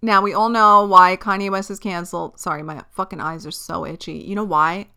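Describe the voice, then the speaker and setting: Bright, chatty woman podcast host. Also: on the low side, steady tone, a little fast, gravelly, smooth. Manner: chatty, swears a lot, laughs often, drops into a whisper. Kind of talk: casual solo podcast chat. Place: filmed at home while recording.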